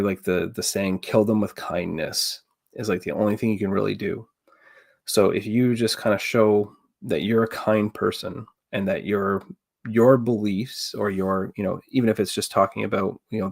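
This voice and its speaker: A man talking calmly in a casual podcast conversation, giving steady, reassuring advice. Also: lowish voice, gravelly, no echo, clean studio sound. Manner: calm and advising, steady reassurance.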